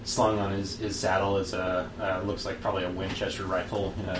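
Halting, low-voiced male game master. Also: flat delivery. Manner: halting, many fillers and restarts. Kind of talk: narrating a tabletop game. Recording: distant mic in an echoey room with background noise.

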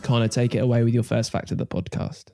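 Teasing podcast host. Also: male voice, medium pitch, level tone, gravelly, music in the background. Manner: teasing and quick to butt in. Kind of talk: casual chat.

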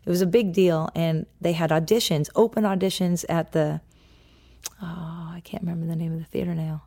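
A woman in her fifties tells stories in a casual, chatty way. Her voice sits a little low, and she slips into other people's voices when she quotes them. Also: a little fast. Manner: lively anecdotal, mimics voices in quotes. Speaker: guest. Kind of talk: casual storytelling.

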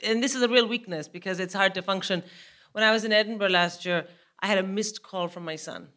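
A woman in her forties, a comedian guest, telling an animated comic anecdote with laughter in her voice on a live podcast. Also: medium pitch, brisk.

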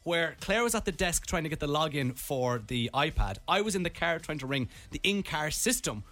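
A young Irish man, a radio host, telling a comic story in an animated way. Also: a little high, normal speed. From Ireland.

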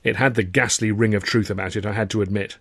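A man's voice: on the low side, steady tone, fast, creaky, fairly bright tone, slightly rough, no echo. A man reading his own novel aloud, narrating with dry, wry timing and acting the dialogue. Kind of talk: audiobook narration.

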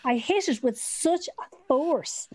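Lively Irish woman telling a story. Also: sits high, slow, dry recording. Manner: animated, vivid storyteller who swears freely. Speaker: podcast co-host. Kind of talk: casual storytelling chat. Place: at home. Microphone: remote podcast mic.

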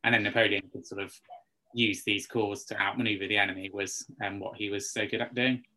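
A man talks as an interview guest, laying out his points in a steady, even tone. His voice is bright and fairly low, and he leans on frequent ums while he builds each explanation. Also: a little fast. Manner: hesitant, many ums, explanatory. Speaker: guest military historian. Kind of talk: podcast interview.

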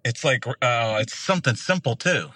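A man talking excitedly and joking around as a guest on a podcast. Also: medium pitch, normal speed. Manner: excitable, jokey. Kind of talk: casual chat.

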